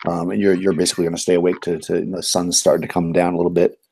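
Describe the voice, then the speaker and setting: A man narrating as game master in a tabletop game, relaxed and rambling with many fillers. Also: sits low, very fast, husky.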